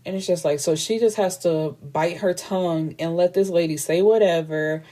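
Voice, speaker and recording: Blunt, chatty woman with a mellow voice. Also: fairly low pitch, moderate pace. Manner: blunt, profane, chatty storytelling with quoted dialogue. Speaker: book reviewer. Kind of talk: casual plot retelling.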